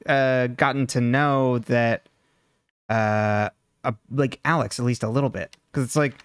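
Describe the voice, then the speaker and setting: A woman's voice: rumbling low, a little slow, clear, resonant tone, dry recording. Chatty young woman, dry close mic. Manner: chatty, heavy use of "like", animated. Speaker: podcast co-host. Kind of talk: casual chat.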